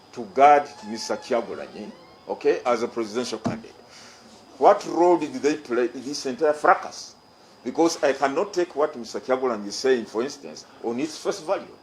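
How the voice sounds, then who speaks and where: A middle-aged man with a Ugandan English accent delivers an official statement to reporters. His voice sits at an ordinary pitch and he speaks in a measured, formal way, stressing his points by saying them again. A faint hiss runs underneath. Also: a little mellow, rough recording. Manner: formal, emphatic, repeats key phrases. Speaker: electoral commission chairman. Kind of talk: press conference statement.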